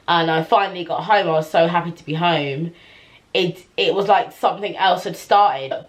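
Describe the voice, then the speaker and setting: A young woman telling a personal story to camera in a chatty, animated way, full of slang and fillers. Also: low voice. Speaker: vlogger.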